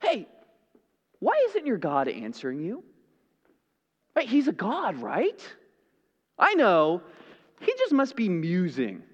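Man acting out sarcastic prophet, high lively taunts, teasing and exaggerated. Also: moderate pace, big-room sound, muffled recording, full character voice. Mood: mocking. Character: sarcastic mocking male prophet taunting rivals.

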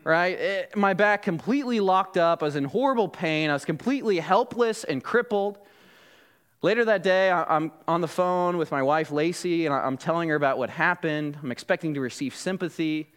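Brief: male pastor with a high voice, teaching through a sermon, asking rhetorical questions. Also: moderate pace, fairly bright tone, smooth. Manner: explanatory, frequent rhetorical "Right?" checks.

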